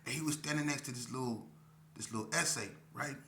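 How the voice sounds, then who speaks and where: A man's voice: medium pitch, fast, bright, forceful tone, echoey room, slight background noise. A man telling a prison story in casual street slang, full of fillers and acted-out quotes. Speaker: storyteller recounting prison life.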